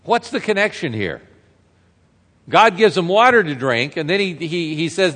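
Man, pastor, high voice, conversational sermon, rhetorical questions, long hall reverb. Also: lively intonation, a little slow, long pauses, fairly bright tone. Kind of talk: expository sermon.

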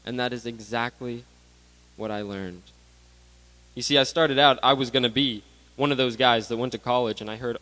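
A man in his twenties giving a sermon to graduates, animated, swinging between loud bursts and hushed asides. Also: mid-range voice, normal speed, pauses often, poor audio. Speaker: graduation speaker.

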